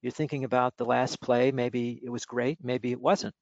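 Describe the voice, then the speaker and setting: A man speaking as a mindfulness coach in an interview, explaining exercises in a relaxed, instructive way with many fillers. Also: mid-range voice, normal speed, dry recording. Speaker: mindfulness coach and author, guest. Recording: dull lo-fi audio.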